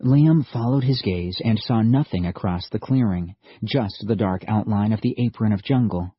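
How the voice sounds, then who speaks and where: Steady male audiobook reader; low and husky, dry slightly dull sound. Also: dry recording. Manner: steady, measured storytelling. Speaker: audiobook narrator. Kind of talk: scripted narration.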